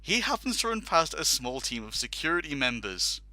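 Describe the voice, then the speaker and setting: A man's voice: on the high side, sing-song, normal speed, pushed and bright. A man hosting a casual talk show, telling a long funny anecdote with laughs and acted-out quotes. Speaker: podcast host telling a story. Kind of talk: casual storytelling.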